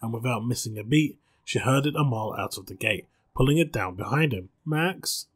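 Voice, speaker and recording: A man reading a spooky short story aloud with calm, measured narration, as channel host. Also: medium pitch, husky.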